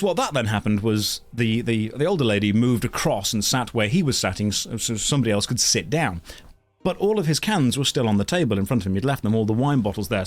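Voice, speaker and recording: A man telling a casual anecdote on his stream in a dry, self-mocking way, with many restarts. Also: mid-range voice.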